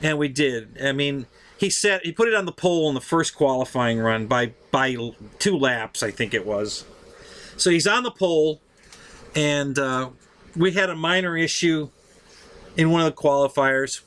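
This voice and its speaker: Bright-voiced man telling a story. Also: a little high, animated, normal speed. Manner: laughs often, swears casually, acts out quotes. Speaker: show host telling a story. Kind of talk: casual storytelling.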